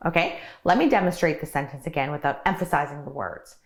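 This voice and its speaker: Low-voiced woman coaching public speaking. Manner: clear, deliberate delivery with emphasized words. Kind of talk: coaching tutorial to camera.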